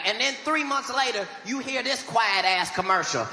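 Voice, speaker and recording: A man doing a profane stand-up rant with emphatic, shouted punchlines. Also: extremely high pitch, normal speed, few pauses. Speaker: stand-up comedian. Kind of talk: stand-up routine. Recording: reverberant arena with audience noise.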